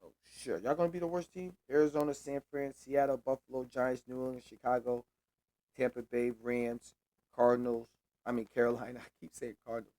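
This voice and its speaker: A man's voice: medium pitch, darkish tone, dry recording. A young man hosting a sports show, making casual predictions alone, with loose, repetitive trash talk and free swearing.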